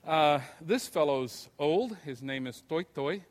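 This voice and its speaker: A man's voice: a little high, expressive. Older man lecturing in a reverberant hall. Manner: conversational, unhurried storytelling. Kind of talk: anecdotal lecture.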